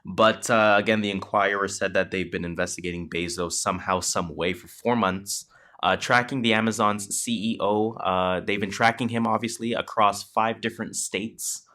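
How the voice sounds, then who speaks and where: A man's voice: on the low side, fairly even intonation, normal speed, pushed and bright. A man co-hosting a podcast, reading news items aloud and adding casual, slangy commentary. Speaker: podcast co-host. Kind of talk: casual chat.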